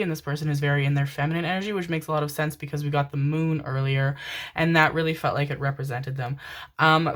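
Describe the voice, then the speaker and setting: A young woman doing a pick-a-card tarot reading, affectionate and giggly, calling viewers her babies and swearing casually. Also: low-pitched. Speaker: tarot reader.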